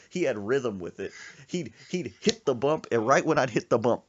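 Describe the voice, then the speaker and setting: A man hosting a podcast, telling a comic story in an animated way and acting out the voices in it. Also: medium pitch, a little fast, lo-fi sound, noisy background. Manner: animated, acts out the voices he tells about. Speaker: podcast host.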